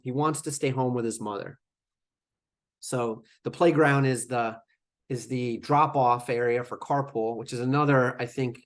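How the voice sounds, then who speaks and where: A man presenting a webinar lecture in a conversational way, with fillers and asides to the audience. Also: medium pitch. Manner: conversational, with fillers and acted-out quotes. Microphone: remote webinar microphone.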